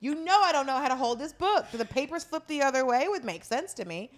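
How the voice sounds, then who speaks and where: A woman's voice: high voice, big pitch swings, quick pace. A woman co-hosting a podcast in casual chat, brash and joking, acting out people in mock voices. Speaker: podcast co-host.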